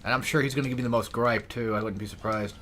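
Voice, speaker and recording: A man's voice: medium pitch, steady tone, quick pace, a bit bright, slight background noise. A young man giving casual, rambling gameplay commentary, sarcastic and swearing often. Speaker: gaming YouTuber.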